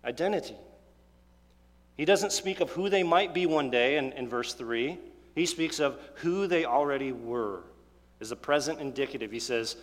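Earnest male pastor in a reverberant hall. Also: medium pitch. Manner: earnest preaching with rising emphasis and pauses. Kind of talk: sermon.

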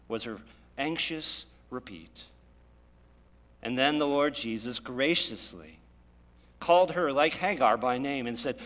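A man's voice: a little high, measured pace, fairly bright tone. A man preaching a sermon, retelling scripture with dramatic storytelling and rising emphasis. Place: church. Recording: long hall reverb.

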